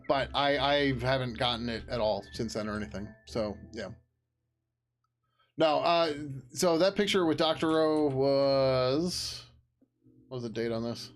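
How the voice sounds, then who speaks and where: A man chatting casually on a live stream about his open source project, rambling loosely, laughing and swearing now and then, sounding tired. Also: medium pitch.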